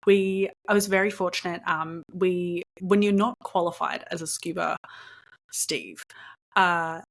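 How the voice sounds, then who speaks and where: A young adult woman hosting her own podcast, telling a story in a chatty, animated way, laughing often and dropping in lots of ums. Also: on the low side, measured pace. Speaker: podcast host. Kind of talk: casual storytelling monologue.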